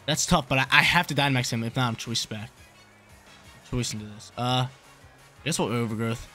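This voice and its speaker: Fast-talking young man commentating a game. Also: medium pitch, a bit bright. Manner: thinks aloud, repeats phrases, casual slang. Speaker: gaming YouTuber. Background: game music.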